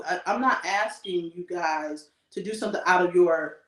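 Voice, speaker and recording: A woman co-hosting a casual podcast, telling a story with emphatic, animated delivery. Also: lowish voice, normal speed, distant mic. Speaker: podcast co-host. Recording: echoey room, voice off-mic.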